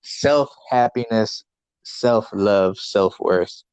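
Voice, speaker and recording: A man's voice: fairly low pitch, very slow, a little mellow, clear, resonant tone, dry recording. A man co-hosting a casual podcast, talking in a laid-back, rambling way and swearing casually. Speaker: podcast co-host. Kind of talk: casual chat. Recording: dull lo-fi, dry sound.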